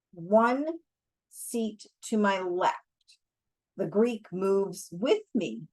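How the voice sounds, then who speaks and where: A woman reading a novel aloud in a measured, deliberate way. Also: medium pitch, darkish tone. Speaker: audiobook reader.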